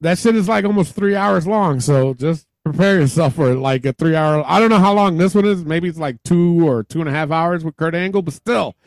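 A male podcast host chatting casually and bluntly, with swearing tossed in. His voice sits high with a gravelly fry. The sound is close and bone-dry. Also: a little fast, few pauses, dry recording. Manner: blunt and profane, reads out listener posts. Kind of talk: casual chat. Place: home garage workspace.

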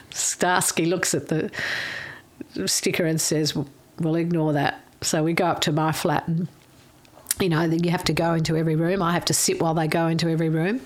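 Frank older Australian woman, a bit hoarse. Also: low-pitched, little pitch movement, moderate pace. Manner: frank, salty, wry storyteller who swears freely. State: voice going hoarse. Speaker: interviewee. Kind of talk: candid personal storytelling.

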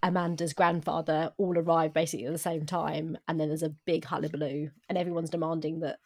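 A woman's voice: low voice, flat delivery, fast talker, darkish tone, no room sound, studio quality. A woman co-hosting a book podcast, chatting casually about a novel. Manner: chatty, with restarts. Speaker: podcast co-host.

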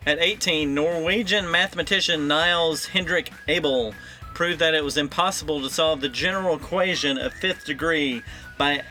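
A man's voice: a little high, normal speed, pushed and bright, soft background music. A man co-hosting a podcast, reading trivia in a dry, matter-of-fact casual chat and explaining things at length. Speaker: podcast co-host.

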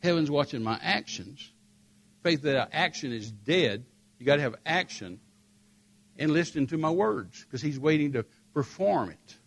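A man's voice: a little high, normal speed, gravelly. An older American man preaching, telling dramatic personal stories and acting out the voices of the people in them. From United States. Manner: animated, acts out the voices in his stories. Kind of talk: sermon storytelling.

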